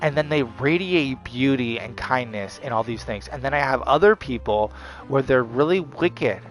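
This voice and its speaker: A man's voice: medium pitch, expressive, normal speed, faint music behind. A man giving a rambling, defiant monologue, leaning on "like" and "you know" fillers. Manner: defiant, mocking.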